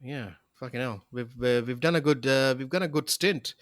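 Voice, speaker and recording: A man hosting a podcast in casual chat, talking in a rambling, halting way with many restarts and fillers. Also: medium pitch, a bit bright, no room sound, studio quality. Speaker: podcast host.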